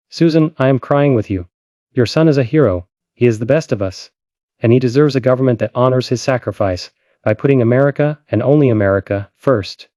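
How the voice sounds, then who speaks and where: A man's voice: medium pitch, dark tone, no echo, clean studio sound. A male host delivering dramatic, emotional political commentary with an urgent tone.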